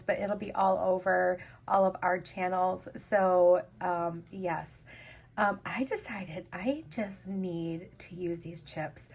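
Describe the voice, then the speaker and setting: Slow-talking, gushing crafting host woman. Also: on the low side. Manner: gushing, excitable, chatty with frequent gasps. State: teary and sniffly after sneezing. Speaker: jewelry-making channel host. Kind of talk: casual unboxing and crafting vlog.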